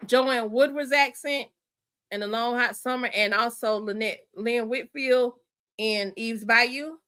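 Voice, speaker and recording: A woman hosting a casual livestream chat, animated and thinking aloud, calling her viewers y'all and honey. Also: a little high, takes it slowly. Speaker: livestream host.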